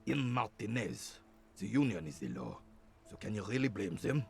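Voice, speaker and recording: Stuffy polite game character, gravelly, talks down to you, lively pitch. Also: male voice, faint music behind, exaggerated voice. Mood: prim. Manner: formal, measured, condescending. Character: prim, condescending man, politely old-fashioned.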